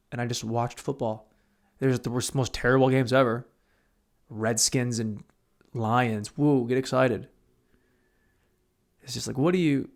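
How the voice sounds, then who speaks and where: A young man hosting a solo podcast from a room at home, rambling crudely and mocking himself, swearing freely as he talks to no one. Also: medium pitch. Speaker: podcast host.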